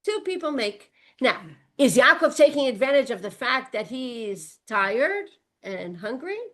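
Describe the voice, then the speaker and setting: A woman's voice: high voice, very animated, measured pace, a bit bright. A woman teaching a text-study class who keeps asking her students questions and answering them as she goes through the verses. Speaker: Torah teacher.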